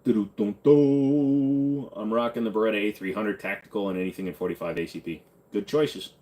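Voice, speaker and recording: A man's voice: fairly low pitch, fast. A man hosting a live stream, answering chat questions in a blunt, offhand, casual way. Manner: blunt, offhand, hums and sings snippets between questions.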